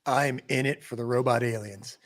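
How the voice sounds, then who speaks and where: Guy guesting on a chat show, loose rambly talk, middle pitch. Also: steady tone, normal speed. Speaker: guest co-host. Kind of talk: casual chat.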